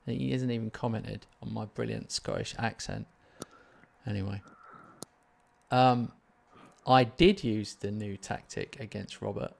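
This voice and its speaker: A man's voice: lowish voice, a little slow, gravelly, darkish tone. A man hosting a gaming live stream, chatting casually and rambling in a self-mocking way while answering viewers.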